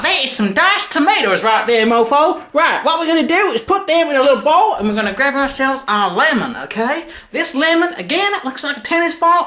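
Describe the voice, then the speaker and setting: A man's voice: extremely high pitch, pushed and bright. Man doing a hammy fake Texan cowboy. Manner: hammy fake cowboy persona, goofy asides, frequent yeehaws. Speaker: guest cook. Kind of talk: jokey cooking demo in a put-on Texan drawl. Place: home kitchen. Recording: roomy echoey kitchen.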